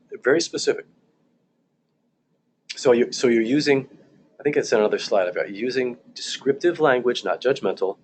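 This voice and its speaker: A man teaching church leaders in a calm, measured seminar talk, often restarting his phrases and repeating key points. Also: mid-range voice, slight background noise. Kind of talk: recorded seminar lecture.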